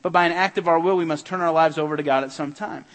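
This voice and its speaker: A man of middle age preaches with a high, urgent voice, driving his points home through repetition. His sermon rings out in a church with a long, lingering reverb. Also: steady tone, quick pace. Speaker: pastor. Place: church sanctuary.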